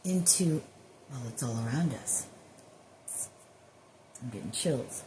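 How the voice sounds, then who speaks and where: A woman's voice: very deep voice, animated, slow pace, mellow, slight background noise. A woman who works as a spiritual healer, rambling in a casual spiritual monologue with drifting, profane asides.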